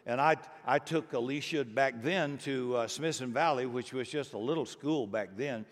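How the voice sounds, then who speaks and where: A man's voice: mid-range voice, moderate pace. A middle-aged man preaching a sermon as pastor, earnest and rising to emphatic bursts. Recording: long hall reverb.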